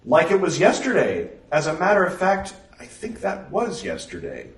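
A man's voice: a little high, huge pitch swings, normal speed, voice pushed up. A man reading a story voices a polite, awkward young man who talks hesitantly. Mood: earnest, awkward. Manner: hesitant, apologetic. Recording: roomy, distant mic.

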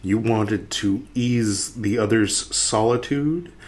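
A podcast host with a lowish, darkish voice speaks slowly as he reads passages and rambles through casual commentary. He restarts often and sometimes drops to a near-whisper.

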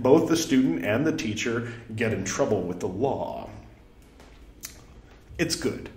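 A man reads an old religious text aloud, his voice rising and falling a lot as he goes. He keeps breaking off for chatty asides and quick self-corrections. The sound has a roomy echo around it. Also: mid-range voice, lively intonation, darkish tone, a little hiss or hum. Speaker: scripture reader and commentator. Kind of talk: reading aloud with casual commentary.

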